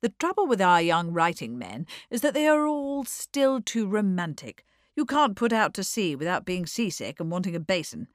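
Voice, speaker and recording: A woman narrating an audiobook in a measured, expressive reading. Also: fairly low pitch, no room sound, studio quality.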